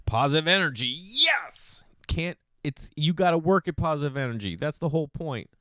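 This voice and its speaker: A man in his thirties hosting a podcast, telling stories in a casual, animated monologue and slipping into mocking voices for the people he quotes. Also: a little high, moderate pace, dry recording, clean studio sound. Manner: animated storytelling, mimics voices. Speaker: podcast host.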